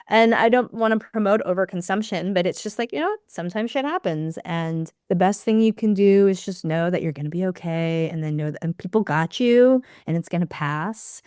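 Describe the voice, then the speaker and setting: A woman's voice: mid-range voice, darkish tone, smooth, no room sound. Chatty woman guest, dry close sound. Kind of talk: casual conversational interview.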